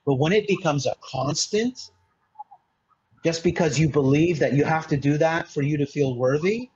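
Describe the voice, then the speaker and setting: A man's voice: on the high side, normal speed, darkish tone, slightly rough, highs cut off. A man from Malta, a mindset consultant, explaining earnestly in a casual interview, often restarting and saying "you know". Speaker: mindset consultant, podcast guest.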